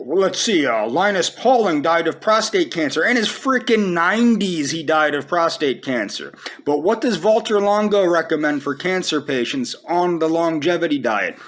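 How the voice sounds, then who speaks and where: A man's voice: on the high side, a bit bright. A man around forty giving a testy, combative solo monologue, sarcastic and full of emphatic repetition. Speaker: vlogger. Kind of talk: unscripted ranting monologue.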